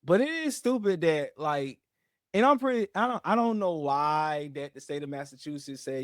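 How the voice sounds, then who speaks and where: A man hosts a casual commentary show, his fairly high voice jumping between muttered asides and loud outbursts. He talks in slang and often repeats himself. The sound is dry and close. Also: animated, moderate pace, no echo. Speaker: host.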